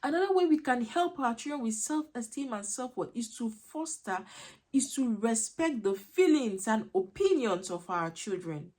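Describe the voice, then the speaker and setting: A woman's voice: a little high, big pitch swings, moderate pace, darkish tone. A woman giving earnest parenting advice as a coach, emphatic, repetitive and a little preachy.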